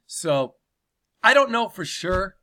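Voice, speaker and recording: A man's voice: high voice, very animated, takes it slowly, pushed and bright. A man hosting a comedy podcast, telling a crude story with plenty of swearing and laughter.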